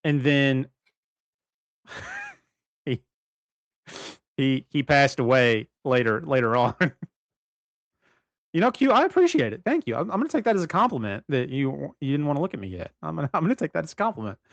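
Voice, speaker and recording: A fast-talking livestream co-host broadcasts casually from his bedroom, his slightly high voice swinging widely in pitch with vocal fry. He rambles, keeps correcting himself, and laughs often. The recording is muffled with no room sound.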